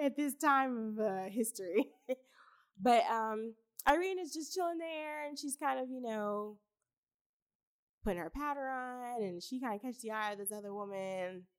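A woman's voice: on the high side, moderate pace, smooth. Young woman co-hosting a movie podcast, chatty, lots of um and like, laughs a lot. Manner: chatty, laughs often, many fillers and swearing. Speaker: podcast co-host. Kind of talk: casual film review chat.

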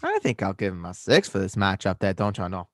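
A man's voice: low voice, big pitch swings, a little fast, a bit bright, no echo, studio quality. A man co-hosting a fantasy football podcast, chatting casually and hamming up a folksy put-on Minnesota accent. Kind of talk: casual chat.

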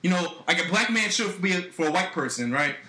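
A man's voice: high-pitched, expressive, brisk, sharp tone. A young man co-hosting a casual podcast, teasing and swearing in loose banter, recorded in a roomy, echoey room. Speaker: podcast co-host. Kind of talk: casual chat.

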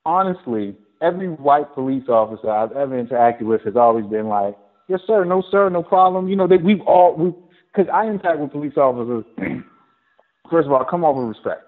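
A man in casual chat, telling stories in an animated, profane way. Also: mid-range voice, brisk. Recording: tinny phone-like audio.

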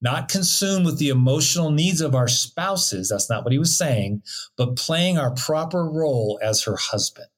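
A man's voice: fairly high pitch, lively intonation, normal speed, slightly rough. A middle-aged man co-hosting a casual talk on marriage, earnest and preachy with a joking streak. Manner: earnest, preachy, jokey, laughs often. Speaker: co-host teaching on marriage. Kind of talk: casual teaching chat.

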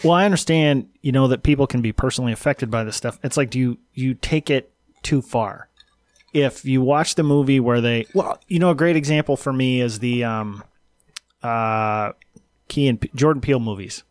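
A man's voice: medium pitch, moderate pace, no room sound, studio quality. A man in casual chat, easygoing and laughing as he talks. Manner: easygoing, laughing, retelling jokes.

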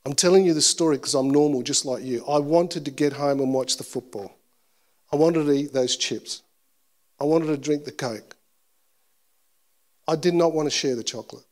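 A man preaching at a church service, his voice sitting a little high for a man. He tells a personal story in an animated, self-deprecating way, moving between lively recounting and quieter, earnest points. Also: moderate pace, long pauses. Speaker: pastor.

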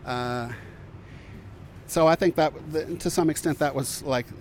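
An older man giving a reflective interview, speaking thoughtfully with frequent pauses, fillers and restarts. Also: on the high side, darkish tone, slight background noise. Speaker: interviewee recalling community work.

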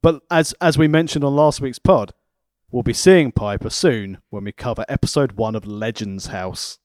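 A man co-hosting a podcast, recapping events in a dry, deadpan casual chat. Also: medium pitch, moderate pace, no echo. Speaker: podcast co-host.

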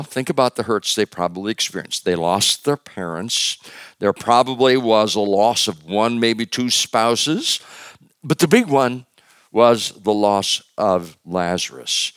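A male pastor preaching a conversational sermon with joking asides, swinging from loud emphasis to hushed words. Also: on the low side, expressive, measured pace, clear, resonant tone, no echo.

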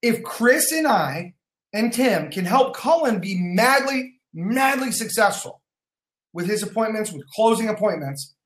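Energetic motivational man in an echoey room. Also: high voice, measured pace. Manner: energetic, emphatic, repeats points, casual swearing, greets viewers by name. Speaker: sales team leader. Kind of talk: motivational livestream talk.

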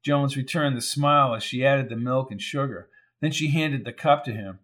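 A man reading a crime novel aloud in even, measured scripted narration. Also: mid-range voice. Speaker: audiobook narrator.

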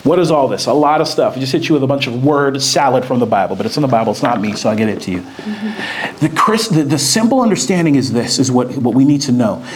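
A man preaching a sermon, moving between steady scripture reading and lively, excited retelling. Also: medium pitch, fast, a little hiss or hum. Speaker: pastor.

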